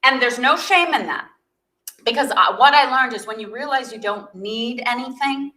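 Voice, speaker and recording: Bright, upbeat woman from South Africa. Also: on the high side, moderate pace, roomy sound, poor audio. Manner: upbeat, laughs often, restarts phrases. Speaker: guest, magazine founder. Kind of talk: casual interview chat.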